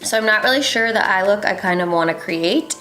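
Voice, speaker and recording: A woman's voice: mid-range voice, fairly quick. A young woman making a casual makeup tutorial, chatty and rambling with lots of ums. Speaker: beauty vlogger. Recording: echoey room, faint music.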